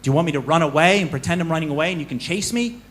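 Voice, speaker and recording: A man's voice: fairly high pitch, rapid-fire, close to an everyday voice. A man putting on an eager young novice monk. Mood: earnest. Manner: earnest, pleading.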